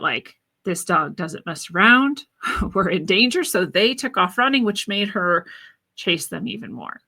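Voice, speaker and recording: Bright-voiced woman telling a spiritual story. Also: lowish voice. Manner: earnest, reflective, spiritual storytelling. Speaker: podcast host. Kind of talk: personal storytelling monologue.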